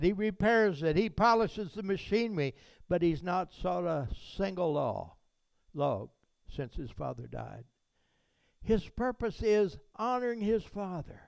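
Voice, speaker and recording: A man's voice: high voice, a little mellow, smooth, no echo. A man preaching a sermon as pastor in a church, in a preacherly way that swells into fervent rises on words of praise.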